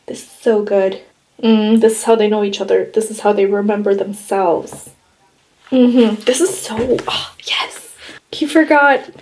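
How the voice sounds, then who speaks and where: A woman's voice: mid-range voice, fairly even intonation, unhurried, darkish tone. A woman vlogging her reading, giving a gushing, emotional running commentary full of laughter. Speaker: book vlogger. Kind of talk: casual reading vlog reactions.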